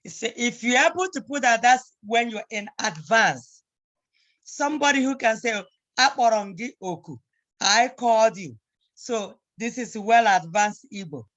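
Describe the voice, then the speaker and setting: A woman's voice: fairly high pitch, animated, moderate pace, fairly bright tone, muffled recording. A woman teaching a beginner Igbo lesson, patiently repeating phrases and spelling them out. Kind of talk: slow beginner language lesson.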